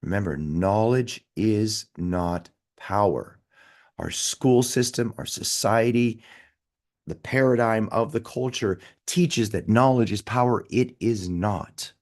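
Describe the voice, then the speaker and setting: A man with a notably low voice teaches a motivational study group over a video call. He repeats his points for emphasis and swings from loud, lifted bursts down to soft, hushed asides. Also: slow. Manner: emphatic, repeats key phrases for stress. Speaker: host of a daily study call.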